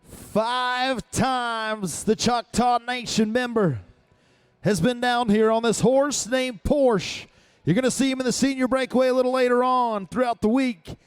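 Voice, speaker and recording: A man announcing a rodeo live, his voice high and bright in pitch. He fires off punchy, hyped calls, sounding close and dry with no room echo. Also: fairly even intonation, measured pace, smooth, soft background music.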